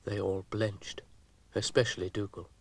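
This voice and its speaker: A man narrating a children's story with a dry, gently wry delivery. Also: on the low side, level tone, normal speed, gravelly, husky, no room sound.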